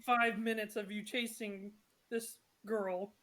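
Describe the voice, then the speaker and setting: A woman's voice: mid-range voice, flat delivery, slow, fairly bright tone. A woman narrating a tabletop game session as game master, chatty and apologetic with many fillers.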